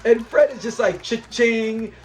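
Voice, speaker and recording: Man, high-pitched voice, casual episode breakdown, chatty, enthusiastic, laughs often. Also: animated, a little fast. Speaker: show review host.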